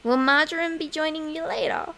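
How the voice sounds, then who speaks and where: A woman voicing a polite small-town mayor in a video game, speaking in a careful, higher voice. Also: brisk, pushed and bright, slight background noise. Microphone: home desk microphone.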